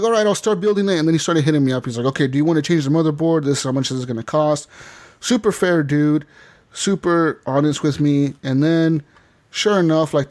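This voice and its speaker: Male podcast host with an average pitch; loose, profane, rambling storyteller. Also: darkish tone. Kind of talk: casual chat. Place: podcast studio.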